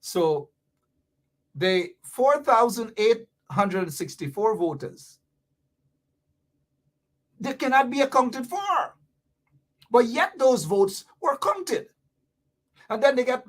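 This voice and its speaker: A woman's voice: on the high side, lively intonation, takes it slowly, pauses often. A woman with a Guyanese accent, talking to viewers in a livestream about politics and playfully teaching local Creole phrases. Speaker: political commentator.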